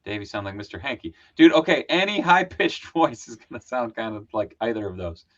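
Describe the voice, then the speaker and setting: A man's voice: mid-range voice, big pitch swings, brisk, dull audio. Laid-back joking male host. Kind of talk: casual chat on a live stream.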